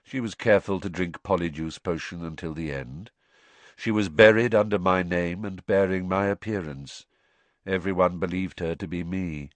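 A man voicing a dazed young man confessing in a flat, expressionless monotone. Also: lowish voice, unhurried, no echo, lightly acted. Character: young man under truth potion, dazed and hollow.

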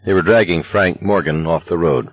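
A man narrating an audiobook in a steady, intense voice. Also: deep voice, moderate pace, dry recording, lo-fi sound, soft background music. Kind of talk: scripted narration.

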